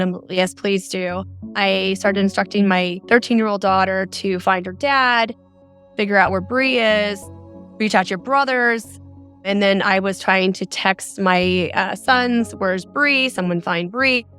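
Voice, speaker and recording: A woman's voice: medium pitch, fairly bright tone. A woman, a mother of four, recounting a frightening phone call in earnest detail as a podcast guest. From Arizona. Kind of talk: podcast interview, recounting a story.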